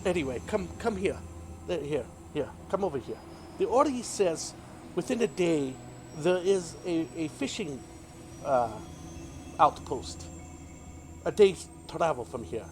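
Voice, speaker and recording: A man's voice: a little high, expressive, a little slow, long pauses, a little mellow, slight background noise. A man voicing a friendly, chatty female ship crew member who fusses and hesitates. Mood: helpful.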